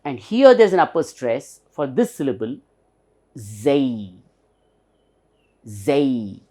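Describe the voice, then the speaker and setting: A man's voice: a little high, very animated, brisk, darkish tone. A man with an Indian English accent teaching pronunciation, patiently spelling words letter by letter and repeating them for emphasis. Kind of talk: recorded pronunciation lesson.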